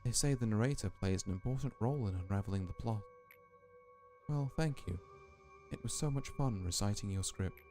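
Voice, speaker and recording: A man voicing a newly created artificial being in a hushed, reflective read over faint music. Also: fairly low pitch, a little fast, lightly acted. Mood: wistful.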